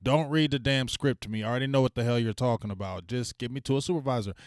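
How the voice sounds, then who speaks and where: A male sports talk streamer talks fast and loosely to his audience, full of slang, loud shout-outs, and venting. His tone is smooth and resonant at a medium pitch. It's a dry recording made close to the microphone.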